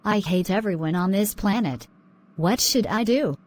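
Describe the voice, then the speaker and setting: A woman's voice: mid-range voice, normal speed, natural voice. A woman voicing a spiteful scheming girl. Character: spiteful scheming young girl who hates everyone.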